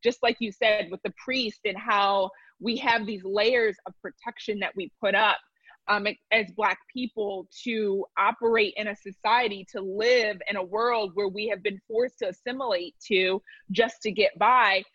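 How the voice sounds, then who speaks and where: A woman speaking as a guest in a candid conversation, earnest and reflective, often pausing and restarting. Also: medium pitch, steady tone, fairly bright tone, husky, no echo. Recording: dry, dull lo-fi sound.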